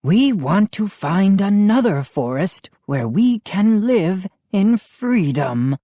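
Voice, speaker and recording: A woman's voice: mid-range voice, sing-song, takes it slowly, warm tone, no echo, voice pushed up. A woman voicing an eager little male lawn gnome who squeals and implores. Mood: imploring.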